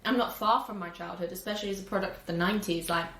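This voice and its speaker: A woman in her twenties chatting casually about a film, telling it with lively acted-out reactions and bursts of laughter. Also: medium pitch, racing. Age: 20s. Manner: animated storytelling, laughing, acting out reactions. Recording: echoey room.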